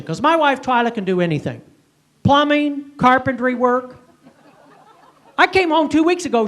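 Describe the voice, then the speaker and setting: Animated, self-mocking male comedian. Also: very high voice. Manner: self-mocking, punchy, keeps checking in with "right?". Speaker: comedian and speaker. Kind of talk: stand-up comedy storytelling.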